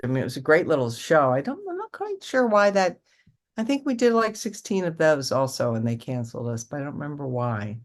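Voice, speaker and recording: Chatty older actress telling stories. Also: female voice, sits low. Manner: chatty, rambling with restarts and acted-out quotes. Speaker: actress guest. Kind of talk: casual interview storytelling.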